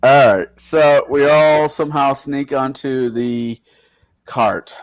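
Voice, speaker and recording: A man's voice: mid-range voice, slow pace. A man playing in a tabletop game, joking and swearing in casual chat. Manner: animated, joking, profane. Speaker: player.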